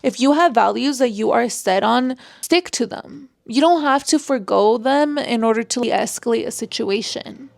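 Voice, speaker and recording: A woman's voice: fairly high pitch, creaky, dry recording. A woman chatting casually as she gives relationship advice, full of "like" fillers. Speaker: vlogger giving relationship advice.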